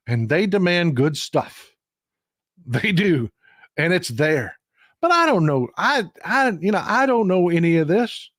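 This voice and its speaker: A man's voice: a little high, no room sound, clean studio sound. A middle-aged man with a Texan accent, hosting a live stream and telling folksy stories in a chatty, emphatic way. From Texas. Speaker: livestream host. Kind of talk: casual chat.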